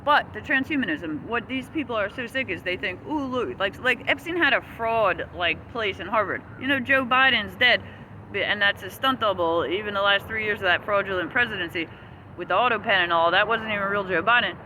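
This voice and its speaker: A man's voice: sits high, a little fast, pushed and bright, rough recording. A man delivering an agitated, profane, rambling rant as a vlogger. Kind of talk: angry ranting monologue. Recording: street noise outdoors.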